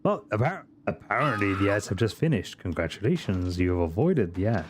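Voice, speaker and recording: A man's voice: lowish voice, sing-song, fairly quick, slight background noise. A man from Britain, streaming a video game with casual, jokey and profane commentary to his chat.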